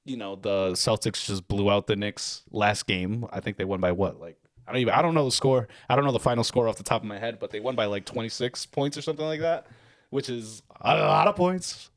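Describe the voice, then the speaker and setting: A man's voice: fairly low pitch, a little fast, dry recording. A man co-hosting a casual sports podcast, joking around in goofy, playful riffs. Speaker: podcast co-host.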